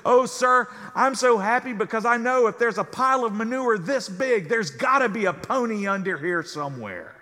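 A man voicing a small boy in a told story, speaking in a high, childlike way with quick stammers. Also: animated, pushed and bright, big-room sound. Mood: gleeful. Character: small fretful little boy, then gleeful.

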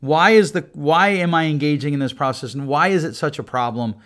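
This podcast host talks fairly quickly in a slightly bright, higher-pitched voice as he works through advice alone. The delivery is loose, full of repeated and restarted words, with a dry wit running through it.

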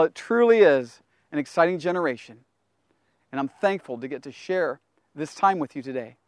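A man hosting a Bible teaching program. He preaches with passion, swings from loud to hushed, and often repeats words as he restarts. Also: medium pitch, no room sound. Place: outdoors among people in a public place.

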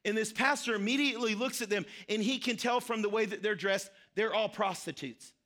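A man's voice: high-pitched, fairly quick, sharp tone. A man preaching a sermon, telling a story earnestly and repeating key phrases for emphasis. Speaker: pastor.

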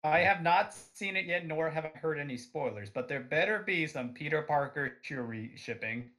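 A man's voice: on the high side, animated, moderate pace, pushed and bright. A man co-hosting a podcast, joking around in a goofy way. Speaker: podcast co-host. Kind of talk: casual group chat.

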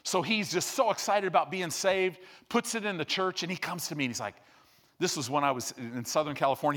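A man preaching a sermon in an animated storytelling style, acting out quotes as he teaches. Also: fairly high pitch, fairly quick.

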